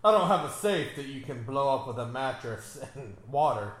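A man's voice: medium pitch, expressive, normal speed, fairly bright tone. A man chatting casually through a movie commentary, joking and laughing often. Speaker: commentary co-host. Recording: echoey room with faint background noise.

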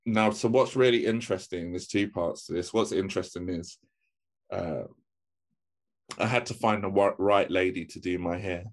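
A man telling a family story in casual chat, relaxed and full of fillers. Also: low-pitched, moderate pace.

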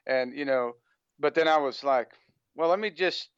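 A man's voice: a little high, moderate pace, clear, resonant tone, dry recording, highs cut off. An American man speaking as a guest on an interview podcast, talking casually with a rambling flow full of "you know" fillers. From United States.

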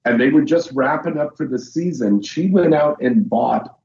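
A man's voice: mid-range voice, lively intonation, vocal fry, a little mellow, echoey room, muffled recording. A man hosting a radio show who chats casually and crudely, jokes around and laughs often. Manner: crude, joking, quick to laugh. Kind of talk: casual bawdy radio chat.

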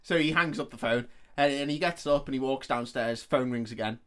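A man's voice: mid-range voice, brisk. A man hosting a casual podcast chat, recapping a film in a rambling way and laughing often. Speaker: podcast host.

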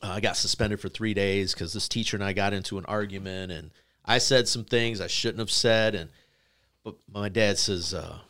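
A man co-hosts a casual business interview show in a somewhat low voice. He tells anecdotes in a lively way and acts out each person he quotes. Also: moderate pace. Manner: lively storyteller who acts out the people he quotes. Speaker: podcast co-host.

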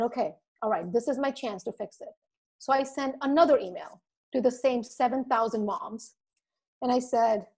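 A woman podcast guest telling an animated story, acting out quotes and laughing often. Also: fairly high pitch, slightly rough. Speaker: podcast guest, marketing speaker.

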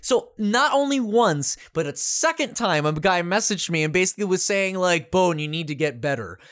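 This co-host talks in a lively voice that rises and falls a lot and curses freely while rambling through gaming anecdotes. The sound is dry and close, with no room around it. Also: medium pitch, normal speed, no room sound. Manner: animated, profane storytelling. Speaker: podcast co-host. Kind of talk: casual podcast chat.

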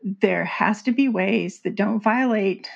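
A woman speaking as an author and guest in a conversational interview, earnest and animated, laughing often. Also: medium pitch, slow, creaky. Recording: slightly dull lo-fi audio.

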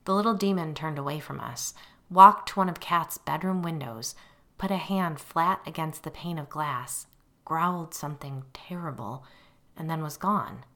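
A middle-aged woman narrating a first-person memoir audiobook, expressive and acting out her own quoted lines. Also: low voice, moderate pace.

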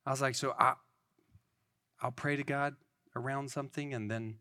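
A man in his thirties preaches in a loose, conversational way. His voice is bright and clear, and his delivery is earnest and rambling, full of restarts. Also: mid-range voice, steady tone, normal speed, pauses often. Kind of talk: informal sermon.

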